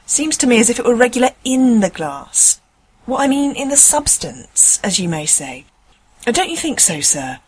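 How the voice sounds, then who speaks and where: A woman's voice: a little high, sing-song, moderate pace, a little mellow, husky. A woman voicing a chatty, indignant male tram conductor, rambling in folksy dialect. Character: chatty working-class male tram conductor, middle-aged.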